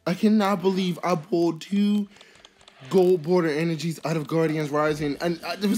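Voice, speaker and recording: A vlogger commentating a card pack opening in a casual, excitable way, with frequent exclamations and rambling asides full of fillers. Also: mid-range voice, normal speed, soft background music. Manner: rambling, filler-heavy musing.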